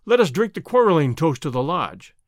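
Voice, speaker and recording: A man voicing a burly, domineering male lodge boss who is bluff and menacing, with a loud, commanding manner that turns to hearty bluster. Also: a little high, sing-song, brisk, no room sound, studio quality.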